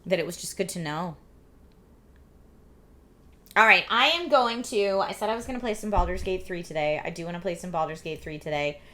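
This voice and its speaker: A woman in her forties with a slightly husky, scratchy voice and a lingering cough, hosting a casual live stream and reading viewer chat aloud. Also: on the low side, fairly quick, long pauses, a bit bright. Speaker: streamer host.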